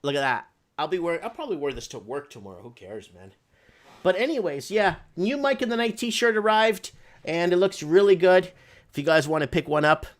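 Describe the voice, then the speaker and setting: A man's voice: high voice, big pitch swings, a little fast. A man hosting a casual chat, talking in a rambling, loose, slangy way. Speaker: host.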